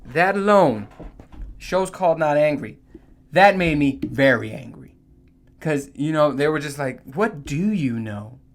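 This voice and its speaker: A man from New Jersey tells a loose, meandering story straight to camera, sprinkling in curses and "you know, right?" as he goes. His voice sits a touch higher than most men's. The delivery is casual and animated. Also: a little slow, long pauses. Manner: profane, animated, full of fillers. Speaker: vlogger.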